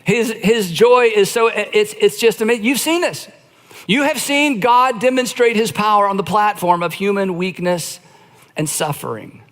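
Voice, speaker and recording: A middle-aged male pastor preaching a conversational sermon, slowing down to dramatize quoted lines. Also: high-pitched, a bit bright, in a large hall. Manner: conversational preaching, acts out quoted lines with slow emphatic phrasing.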